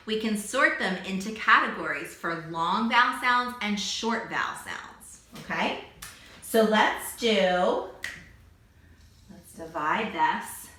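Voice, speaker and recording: Slow-talking lady teacher doing phonics for little kids, drags out each letter, bright voice. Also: mid-range voice. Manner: slow, drawn-out sounding of letters. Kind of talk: phonics lesson for young children. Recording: echoey room, distant mic.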